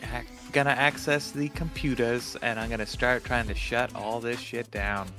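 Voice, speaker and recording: Bright-voiced joking man player. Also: medium pitch, steady tone, normal speed, soft background music. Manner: joking, hesitant, lots of restarts. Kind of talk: casual tabletop play.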